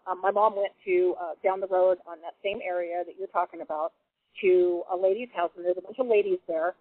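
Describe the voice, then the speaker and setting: A woman's voice: fairly low pitch, a little fast, dry recording. A woman telling her own story in a casual interview, acting out the people she quotes. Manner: animated, acts out voices in quotes. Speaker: guest witness. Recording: tinny phone-line audio.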